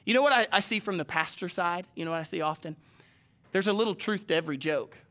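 A man preaches a sermon to his congregation in a church, with a bright, forceful voice. He talks animatedly and shifts from calm points into sudden loud, acted-out quotes. His voice sits a bit high for a man. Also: quick pace. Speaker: pastor. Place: church sanctuary with a live congregation.

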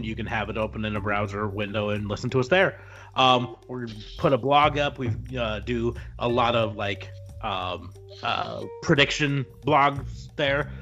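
A man's voice: medium pitch, fairly bright tone, dull audio. Joking male podcast co-host, faint music. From Nebraska. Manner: jokey, playfully slips into mock folksy catchphrases. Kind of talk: casual podcast banter.

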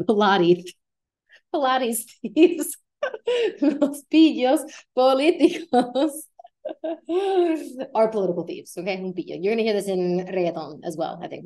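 A woman hosting a casual vocabulary lesson in a chatty way, often slowing down to repeat words and model their pronunciation. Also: fairly low pitch, dark tone. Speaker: language teacher and podcast host. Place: Puerto Rico.

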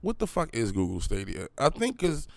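A man's voice: medium pitch, huge pitch swings, normal speed, gravelly, no echo. A young man hosting a podcast, talking in a rambling, profane, casual way with lots of fillers and restarts. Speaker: podcast host.

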